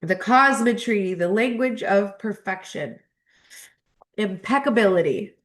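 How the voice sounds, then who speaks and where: A woman's voice: medium pitch, animated, unhurried. Emotional woman reading a spiritual text. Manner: emotional, choked up and laughing between passages. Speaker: spiritual astrology channel host.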